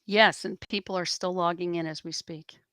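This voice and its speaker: Woman relaying chat comments, low voice. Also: steady tone, moderate pace, a bit bright, smooth. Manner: matter-of-fact, relaying viewer comments. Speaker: co-host reading chat. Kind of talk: casual live chat.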